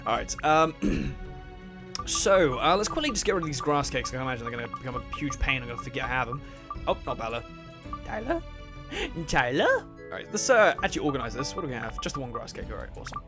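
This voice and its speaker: A man's voice: medium pitch, very animated, fast talker, music in the background. A man giving casual, rambling commentary over a video game. He jokes, swears a lot and laughs often. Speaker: let's play host.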